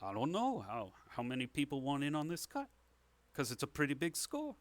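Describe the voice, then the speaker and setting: A man's voice: fairly high pitch, wildly swooping pitch, brisk, no echo. A man voicing a sly, pushy middle-aged tavern fixer who talks like a slick salesman. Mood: scheming. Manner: slick, wheedling salesman talk.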